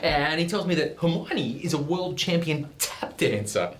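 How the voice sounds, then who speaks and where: A man's voice: on the high side, lively intonation, normal speed, faint music behind, natural voice. A man with an Australian accent rambling through a wild comedic story full of slang. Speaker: client telling a story. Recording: roomy echo.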